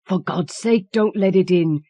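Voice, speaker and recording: A woman plays a terrified old husband in a storybook reading, shaky and hushed. Her voice stays low and close, with a dry sound. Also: normal speed, no room sound, natural voice. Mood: fearful. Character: frightened trembling old husband. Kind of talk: audiobook character voice.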